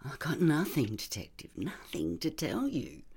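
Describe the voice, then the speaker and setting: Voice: medium pitch, very animated, measured pace, a little mellow, husky, pitched above the performer's own voice, heavily acted. A reader doing sullen young suspect. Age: young adult. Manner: bitter, hostile, mumbling. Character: sullen, defensive young male suspect in a hospital bed.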